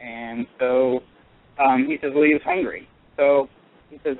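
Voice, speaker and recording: A male caller tells a personal story on a radio call-in show, earnest and halting, full of pauses and restarts. His voice sits in an ordinary middle pitch. It comes through a narrow, tinny phone line. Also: fairly even intonation.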